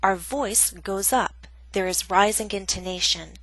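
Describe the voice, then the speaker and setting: A woman reading a scripted English grammar lesson, speaking slowly and clearly with careful, deliberate emphasis. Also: mid-range voice, fairly bright tone, no room sound, low-quality recording. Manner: slow, deliberate, clearly enunciated. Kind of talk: scripted instructional narration.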